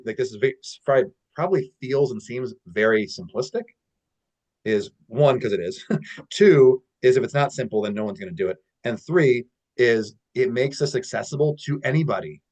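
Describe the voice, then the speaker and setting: A man coaching on a casual call, telling stories with a relaxed manner and lots of "like" and "you know". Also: medium pitch. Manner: relaxed storytelling with many fillers. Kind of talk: casual teaching talk.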